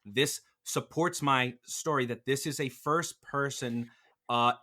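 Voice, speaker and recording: A man hosting a podcast and arguing the defense in a casual debate, animated and combative, with a lot of swearing. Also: mid-range voice, takes it slowly.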